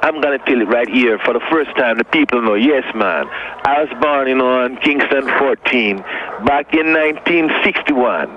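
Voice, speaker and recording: A man's voice: mid-range voice, moderate pace, pitched above the performer's own voice, close to an everyday voice. A man putting on a playful, exaggerated Jamaican persona, boasting and hamming it up over a muffled lo-fi line with noise. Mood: mock proclaiming. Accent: put-on Jamaican.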